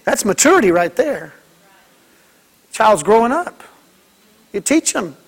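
A man's voice: high voice, big pitch swings, a little slow, vocal fry, breathy edge. A man preaching a sermon as pastor, folksy and joking, mimicking kids and church members.

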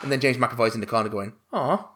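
A man's voice: medium pitch, fairly even intonation, very fast, pushed and bright, a little hiss or hum. A man in casual film talk, wry and sarcastic in his asides. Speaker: podcast co-host.

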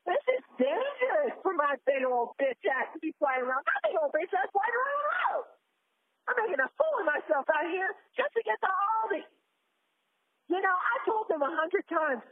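Lady putting on a loud crude small-town gal griping on a voicemail, high and bouncy, phone-line sound. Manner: crude, ranting, drawn-out complaints. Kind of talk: comic voicemail sketch.

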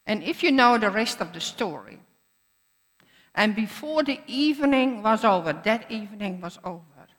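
A woman's voice: mid-range voice, animated, normal speed, a bit bright. A woman preacher giving a sermon in an earnest manner, repeating phrases for emphasis. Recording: echoey hall.

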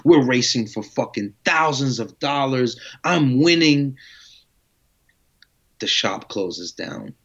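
A man recounts his past in a relaxed interview, jumping into the voices of the people he talks about with lots of slang. His voice sits at a middle pitch. The audio is slightly muffled and lo-fi. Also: slow. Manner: animated, acts out dialogue with slang and swearing. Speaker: guest telling his story. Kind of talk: casual storytelling interview.

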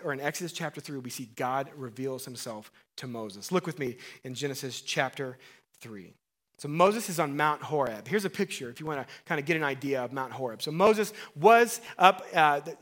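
A man preaching a sermon in an earnest, conversational way, rising to emphatic bursts and dropping to quiet asides. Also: a little high. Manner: restarts and fillers, conversational. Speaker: pastor.

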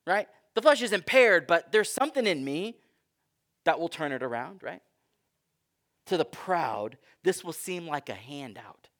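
A man's voice: high voice, a bit bright. A man preaching a sermon in a conversational, emphatic way. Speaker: pastor.

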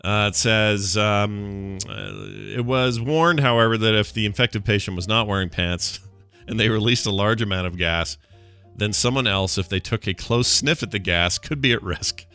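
A man's voice: fairly low pitch, moderate pace, bright, forceful tone, clean tone, soft background music. A man co-hosting a casual comedy podcast, reading odd news stories aloud and joking between the lines. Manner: jokey, reads stories aloud with asides. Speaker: podcast co-host. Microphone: remote call setup.

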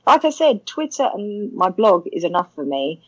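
A woman's voice: mid-range voice, very animated, normal speed, breathy edge, dull audio. A woman, chatting as a podcast guest, rambling and laughing often. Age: 50s. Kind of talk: casual chat.

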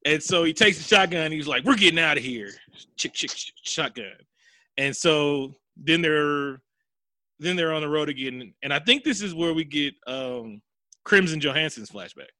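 Bright, animated man recapping a movie. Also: fairly high pitch, moderate pace, dry recording. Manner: profane, animated, acts out characters' lines. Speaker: podcast host recapping a movie. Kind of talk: casual comedic chat.

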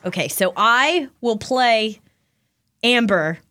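A woman's voice: on the high side, lively intonation, slow, bright, forceful tone. A woman co-hosting a podcast, teasing and giggly in casual comedic chat. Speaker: podcast co-host.

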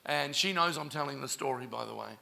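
Aussie pastor guy preaching, bright sharp voice, bit of grit in it, acts out all the quotes. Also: medium pitch, fast talker, gravelly. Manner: animated preacher, acting out quoted dialogue. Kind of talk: sermon with storytelling.

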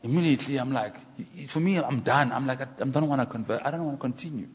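Husky preacher in a reverberant hall. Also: male voice, mid-range voice, quick pace. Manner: animated, builds to emphatic near-shouts. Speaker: minister. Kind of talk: sermon. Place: church hall.

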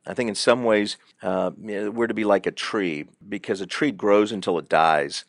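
A middle-aged man with a low voice tells animated stories on a podcast and keeps circling back on repeated fillers. The recording is dry and close, with no room sound. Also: normal speed, hardly any pauses, no echo. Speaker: guest counselor. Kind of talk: conversational podcast advice.

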